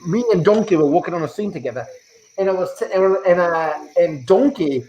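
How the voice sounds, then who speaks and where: A man's voice: sits high, lively intonation, brisk, darkish tone, a little hiss or hum. A man playing a rambling, self-important actor who claims to be Shrek, his fake accent slipping between Scottish and Australian, heard over an echoey video call. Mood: boastful.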